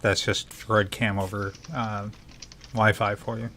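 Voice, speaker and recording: A man's voice: on the low side, flat delivery, measured pace, pushed and bright, a little hiss or hum. A man chatting on a casual stream, giving wry, rambling explanations. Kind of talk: casual chat.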